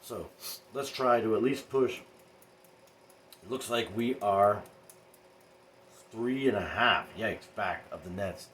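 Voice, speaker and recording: A man's voice: on the low side, slow pace, pauses often, slight background noise, rough recording. A man doing a casual, rambling basketball recap for his vlog, talking straight to his viewers. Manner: rambling, animated, talks to viewers. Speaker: sports fan vlogger.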